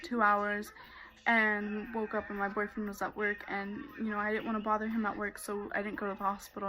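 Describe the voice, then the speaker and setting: A woman's voice: on the high side, a bit bright, low-quality recording. A young woman vlogger telling a personal story in a casual way, full of fillers. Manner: casual, many fillers like "like" and "you know".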